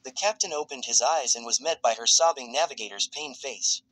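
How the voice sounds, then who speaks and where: A man reading fan fiction aloud as a narrator in a steady, even storytelling voice. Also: mid-range voice, brisk, dry recording, low-quality recording.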